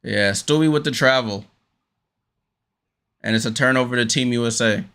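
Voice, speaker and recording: A man hosting a casual fan watchalong, calling the game play by play with frequent fillers and sudden jumps of excitement on big plays. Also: mid-range voice, moderate pace. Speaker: host.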